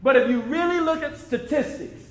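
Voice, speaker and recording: A man with a very high speaking voice delivers an impassioned motivational talk, pressing each point with preacherly, emphatic repetition. His words ring out in a roomy, echoing hall. He speaks to the crowd at a screening like a sermon. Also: normal speed. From United States. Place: event venue before an audience.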